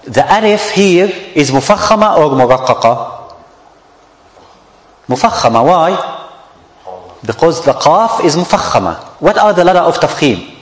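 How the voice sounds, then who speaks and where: A man's voice: on the high side, very animated, moderate pace, pauses often, roomy sound, big-room sound, rough recording. A man teaching a tajweed lesson, repeating each example word patiently to his students. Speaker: Quran recitation teacher.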